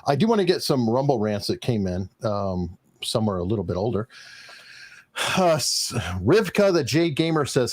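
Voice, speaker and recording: A man's voice: medium pitch, a little slow. A man hosting a casual legal livestream, chatting with panelists and reading out viewer messages. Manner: lively, reads out viewer messages. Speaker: livestream host.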